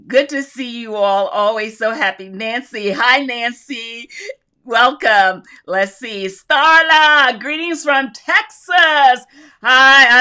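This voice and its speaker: A woman's voice: a little high, bright, forceful tone. A woman hosting a casual live craft stream, greeting viewers by name and reading their comments aloud in a chatty, upbeat way with frequent laughs.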